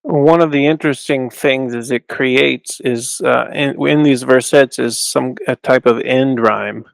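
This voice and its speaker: Gravelly-voiced man teaching in a dry room. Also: medium pitch, steady tone, no room sound, low-quality recording. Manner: thinking aloud, restarts, slows to stress terms. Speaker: Bible scholar teaching. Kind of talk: informal lecture with Hebrew recitation.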